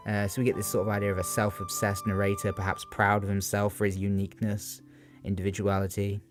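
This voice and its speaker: A student with a lowish, monotone voice talks fast through a poem as part of his revision. Unscripted and hesitant, he relies on plenty of fillers, with faint guitar music underneath.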